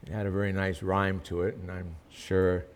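A man's voice: low voice, flat delivery, normal speed. A male pastor praying earnestly and then telling a story in a sermon, with emphatic rises in his delivery.

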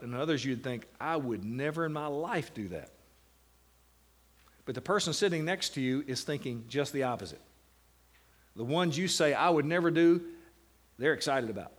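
A man teaching a class on meditating on the Bible, slowing down to stress single words and breaking into lively asides. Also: medium pitch, slightly rough.

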